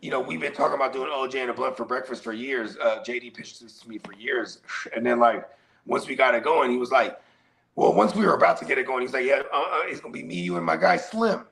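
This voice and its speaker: Gravelly Bay man hosting a podcast. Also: medium pitch, fast, a bit bright. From San Francisco Bay Area. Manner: loose, profane, rambling with many fillers. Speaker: podcast host. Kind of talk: casual podcast chat.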